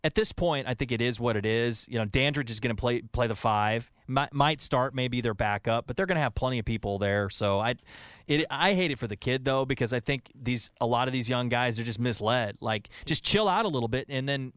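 A man's voice: mid-range voice, fairly quick, a bit bright, smooth, dry recording, clean studio sound. A man co-hosting a sports radio show, talking casually and rambling with many restarts. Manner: rambling, with frequent restarts and filler.

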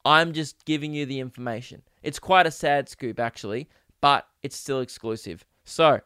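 A man's voice: mid-range voice, moderate pace, pushed and bright, clean tone, dry recording, studio quality. A young man hosting a casual solo podcast, rambling and joking with mock drama. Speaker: podcast host.

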